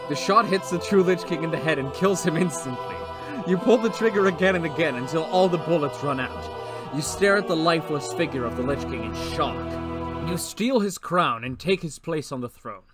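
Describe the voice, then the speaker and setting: A man streaming himself reading an AI text adventure aloud, with animated comic asides. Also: a little high, moderate pace, over music. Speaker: streamer reading an AI story game.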